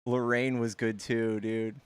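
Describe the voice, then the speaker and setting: A man hosting a livestream, chatting casually with his viewers in quick asides and calling them "dude" and "guys". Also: mid-range voice, level tone, clear, resonant tone, dry recording. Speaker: livestream host. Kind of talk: casual chat with callers and chat.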